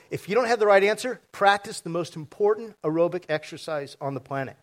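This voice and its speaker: Male pastor, slightly high voice; lively, joking sermon delivery with audience asides. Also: a little fast, hardly any pauses. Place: church sanctuary before a congregation.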